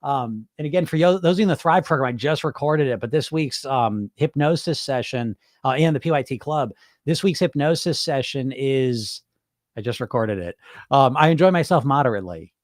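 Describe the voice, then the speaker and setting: A man's voice: mid-range voice, animated, moderate pace, no echo, clean studio sound. A man hosting a live stream as a hypnotherapist, chatting casually with viewers and swearing freely. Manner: informal and chatty, with frequent swearing and laughs.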